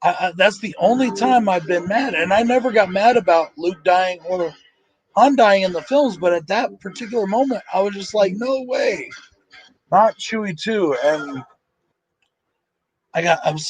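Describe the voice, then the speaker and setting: Man, movie commentary host, higher husky voice, tired, swears a lot, rambles emotionally. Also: low-quality recording. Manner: profane, emotional and rambling, with many fillers. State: tired and sleepy. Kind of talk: casual live movie commentary.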